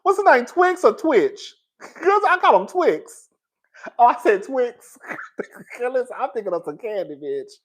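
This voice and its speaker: A man talking casually to his viewers as a pop culture commentator, in slangy, animated speech and often laughing as he riffs. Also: extremely high pitch, measured pace.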